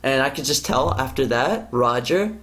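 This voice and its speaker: Medium in pitch and normal in speed, this man hosts a podcast and chats casually. His workplace story comes out animated and peppered with swearing.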